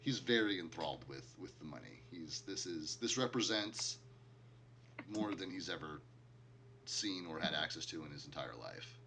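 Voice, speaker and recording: A man's voice: deep voice, expressive, moderate pace, noisy background. A man narrating a tabletop game as game master, loose and chatty with lots of filler words. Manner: casual, heavy use of filler "like".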